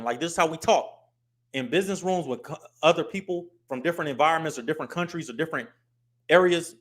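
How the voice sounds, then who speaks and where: An American man in middle age, speaking as host in loose, lively commentary. His voice sits a little high for a man, and he slips into put-on voices to show how people talk. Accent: US English. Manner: animated, acts out street and business voices. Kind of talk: casual commentary to camera.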